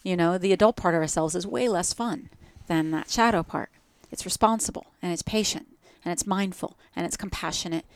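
Woman with a New Jersey accent, podcast guest, smooth and resonant tone, dry close sound. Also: fairly low pitch, brisk, few pauses, dry recording. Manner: reflective, spiritual, talks in metaphors. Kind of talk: casual podcast conversation.

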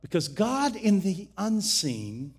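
A male pastor preaching a sermon in a fairly high voice. He swings from fervent shouting to soft, confiding teaching, and at times he sounds set back from the mic. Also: sing-song, slow, husky. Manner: swings from loud shouted exhortation to quiet intimate teaching.

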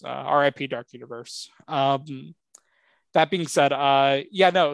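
A man's voice: medium pitch, no room sound. A man co-hosting a casual pop-culture podcast, rambling through his points with lots of filler words and plenty of fan enthusiasm. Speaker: podcast co-host.

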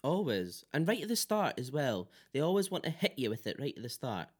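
A man chatting casually as a podcast co-host. His voice sits at an ordinary middle pitch. He talks in a jokey, rambling way, with plenty of filler words. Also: sing-song, fairly quick, husky. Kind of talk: casual chat.

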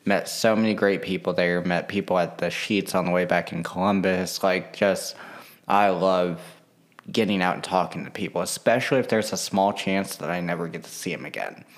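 A man's voice: low voice, moderate pace. A man in a casual vlog monologue, rambling with lots of fillers and restarts.

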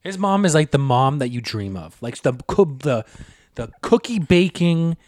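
A man's voice: a little high, sing-song, measured pace, a little mellow, dry recording. A young man co-hosting a podcast, chiming in playfully and stumbling over his words. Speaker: podcast co-host. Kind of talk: casual podcast chat.

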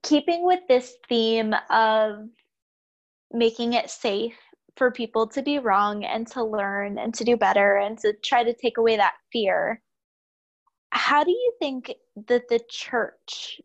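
A woman hosting a podcast, talking in a relaxed way with many fillers as she reads an appeal and asks a question. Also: on the high side, slow, muffled recording. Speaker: podcast host.

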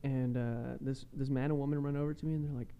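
A man's voice: medium pitch, steady tone, fast, smooth. A young man, co-host of a podcast, telling a casual story that he acts out with quoted voices and frequent laughs. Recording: dull lo-fi sound.

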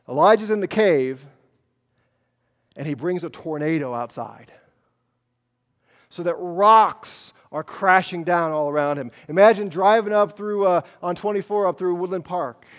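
A male pastor preaching a sermon, telling a story dramatically, swinging from loud to hushed. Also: a little high.

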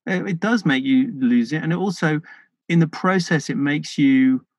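A British man speaking as a podcast guest, earnest and thoughtful, often pausing and restarting his sentences. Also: on the high side, dry recording, low-quality recording. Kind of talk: reflective interview conversation.

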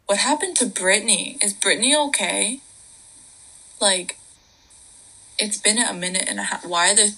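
A young woman chatting casually on a late-night livestream, her voice husky with a gravelly edge and a bright, forceful tone. She talks in a loose, giggly way and slips into hushed whispers now and then. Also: mid-range voice, measured pace, long pauses, rough recording. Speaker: livestream co-host.

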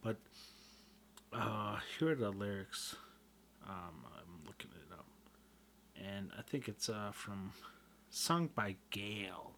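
A man talking casually on his own, joking and swearing a lot, often getting loud and worked up. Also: on the low side, slow, pauses often, slight background noise. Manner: profane, joking, self-deprecating, swings loud and excited. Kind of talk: casual rambling monologue.

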